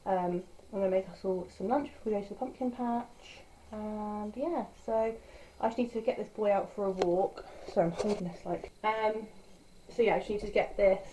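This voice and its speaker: A woman's voice: mid-range voice, mellow, a little hiss or hum, rough recording. A young woman chatting casually to camera in a vlog, rambling with filler words. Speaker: vlogger.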